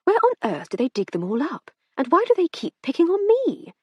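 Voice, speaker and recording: A woman's voice: sits high, wildly swooping pitch, fairly quick, no room sound, lo-fi sound, pitched above the performer's own voice. A woman voicing a witty aristocratic lady in an audiobook, wry and arch. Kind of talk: audiobook character reading.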